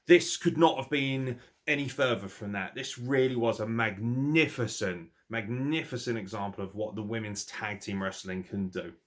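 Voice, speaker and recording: A man with an English accent and a somewhat low voice reviews a wrestling show off the cuff. He rants and swears freely, laughs often, and keeps his delivery animated. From England. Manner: ranting and profane, animated, quick to laugh. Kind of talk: casual spoken review.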